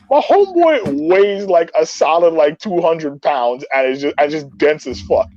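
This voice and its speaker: Brief: high-voiced man spinning a rowdy tale, swears freely, dry and dull recording. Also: normal speed, few pauses, no echo. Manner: animated, profane, repeats himself. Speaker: co-host telling a story. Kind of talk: casual storytelling.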